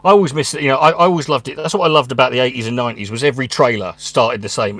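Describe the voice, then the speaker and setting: A man's voice: mid-range voice, expressive, rapid-fire, few pauses, fairly bright tone, dry recording. Comic guy ranting at home, swears a lot, choppy delivery, dry close sound. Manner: rambling, sweary, with abrupt stop-start phrasing. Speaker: stand-up comedian and channel host. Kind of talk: casual monologue. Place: his room at home.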